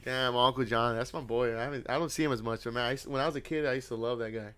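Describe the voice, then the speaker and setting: A man's voice: mid-range voice, steady tone, rapid-fire, fairly bright tone, clean tone. A young man hosting a podcast, telling a family story in casual chat, laughing, swearing and acting out what people said. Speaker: podcast host.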